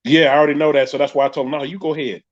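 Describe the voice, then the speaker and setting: A man with a New York accent hosts a laid-back live stream chat. His voice sits a bit high for a man, and he talks in an animated, joking way. The audio is muffled and lo-fi, like a live stream. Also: rapid-fire. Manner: animated storytelling with frequent laughs. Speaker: podcast host.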